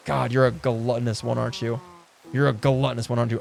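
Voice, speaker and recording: A man streaming a game live, chatting casually and excitably, swearing and laughing often, and cooing at the animals he meets. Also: medium pitch, fast talker, vocal fry, faint music behind. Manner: coos affectionately at in-game animals. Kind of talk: casual live gameplay commentary.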